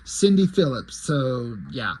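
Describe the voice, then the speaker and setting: A man's voice: medium pitch, very animated, slow, a little mellow. A man casually retelling a book's plot, rambling with profane asides and fillers. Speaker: reader summarizing a book.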